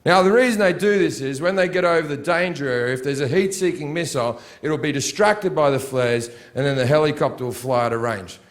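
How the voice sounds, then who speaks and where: A man's voice: on the high side, a little fast, few pauses. A man doing stand-up, telling a story in a crude, sardonic way and acting out the scenes. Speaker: stand-up comedian.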